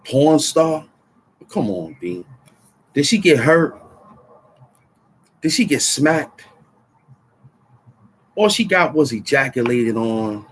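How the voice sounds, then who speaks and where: A man's voice: fairly high pitch, big pitch swings, takes it slowly, long pauses, slight background noise. A middle-aged man hosting his own vlog, ranting about politics in heated street slang and repeating phrases for emphasis. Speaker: vlog host. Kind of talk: casual political rant to camera.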